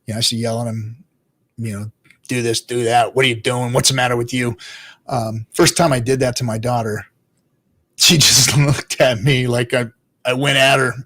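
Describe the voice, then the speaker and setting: A man's voice: fairly even intonation, normal speed, bright, forceful tone. Profane, rambling man on a livestream. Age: adult father. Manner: profane, rambling, laughs often, drops to low mutters. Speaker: crypto livestream host reading chat. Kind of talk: casual livestream chat.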